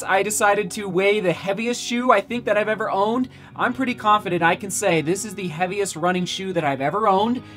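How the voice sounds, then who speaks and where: An energetic man talks straight to his viewers in a casual vlog. He exclaims often and repeats words for emphasis. A faint bed of music plays behind his voice. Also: sits high. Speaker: running vlogger.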